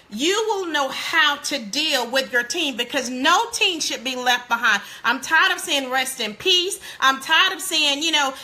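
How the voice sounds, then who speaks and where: Woman host, high and bright, preachy and animated, talks straight to viewers, laughs often. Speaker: parenting show host. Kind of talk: live-streamed parenting talk.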